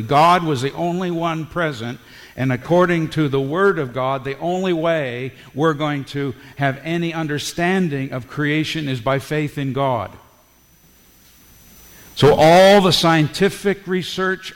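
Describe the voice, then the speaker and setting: A man preaching a sermon as pastor, emphatic, with rising bursts of volume. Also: a little high. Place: church sanctuary. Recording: long hall reverb.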